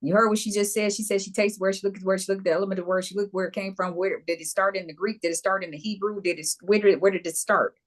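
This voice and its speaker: A woman co-hosting a casual talk show, lively and emphatic, with playful asides to the audience. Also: medium pitch, very fast, hardly any pauses.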